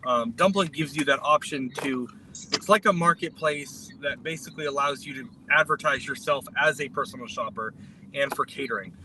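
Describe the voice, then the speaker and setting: A man's voice: medium pitch, moderate pace, background noise. A man co-hosting a casual talk show, speaking with hesitant restarts as he explains his own work. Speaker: podcast co-host. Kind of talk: casual chat.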